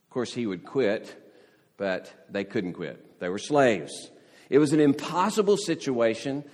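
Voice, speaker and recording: A man preaching a sermon as pastor, telling the story with lively expression and acting out the quoted voices. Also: medium pitch, in a large hall. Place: church sanctuary.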